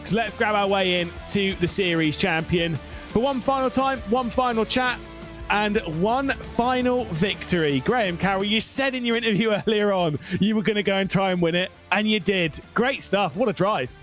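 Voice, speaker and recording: A man's voice: sits high, a little fast, faint music behind. A man commentating live on a sim racing event. He is losing his voice and talks with lots of filler sounds. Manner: excitable, with frequent filler sounds. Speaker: race commentator. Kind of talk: live esports race commentary.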